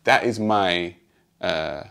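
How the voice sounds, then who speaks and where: Low, gravelly British man. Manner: measured, calmly pointed. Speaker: host answering a critic. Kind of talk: direct-address response video.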